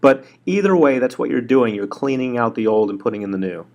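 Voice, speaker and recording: A man being interviewed as a guest hypnotherapist, speaking in a relaxed, joking way and laughing easily. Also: mid-range voice, brisk, muffled recording. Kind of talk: casual interview over the phone.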